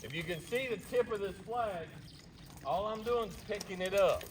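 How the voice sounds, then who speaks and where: A man working as a horse trainer, calmly and patiently explaining while he works a horse outdoors. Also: high-pitched, normal speed. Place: outdoor round pen with horses. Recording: distant voice with outdoor noise.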